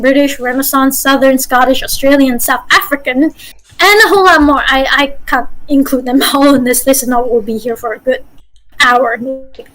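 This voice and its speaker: A woman's voice: high-pitched, a bit bright, poor audio. A woman game master giving a chatty online voice-acting workshop over a video call. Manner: chatty, with apologies and restarts.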